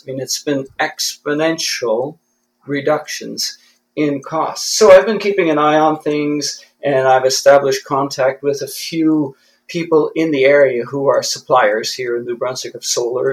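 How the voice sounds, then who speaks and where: Heard over poor audio, a Canadian man with a mid-range voice is being interviewed as a guest. His conversational manner is reflective and self-deprecating, and he keeps starting sentences over.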